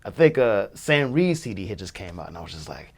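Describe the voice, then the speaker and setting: A man's voice: sits low, big pitch swings, brisk, breathy edge. A young man, a music producer, telling a story in casual chat, loose and full of fillers. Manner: loose, filler-heavy, many "like"s, acts out quotes.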